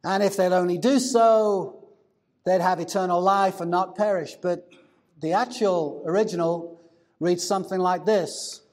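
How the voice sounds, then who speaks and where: A man preaching a sermon in a higher-than-usual voice. He is deliberate and emphatic, drawing out important words and slowing down for stress. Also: steady tone, a little mellow. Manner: deliberate, emphatic, stretches key words slowly. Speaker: pastor.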